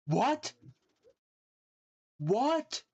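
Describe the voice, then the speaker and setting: Slow, teasing livestreamer woman. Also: on the high side, sing-song, a little mellow, slightly rough. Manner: teasing, mock-insulting, laughing at own jokes; talks to chat and a friend off-mic. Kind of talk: casual livestream roasting.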